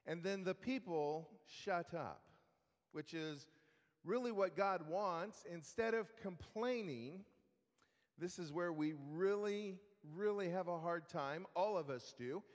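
A man teaching a Bible study lesson in a relaxed, conversational way, with fillers and restarts. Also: high-pitched, slow pace, long reverb tail.

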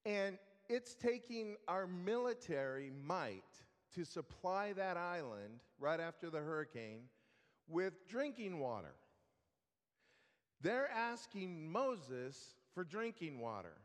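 A man teaching a Bible study lesson in a relaxed, conversational way, with fillers and restarts. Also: high voice, big-room sound.

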